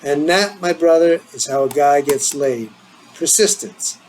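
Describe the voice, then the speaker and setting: A man voicing a boastful, defensive teenage boy, in a low, muttered manner. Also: expressive, a little slow, darkish tone, slight background noise, low-quality recording.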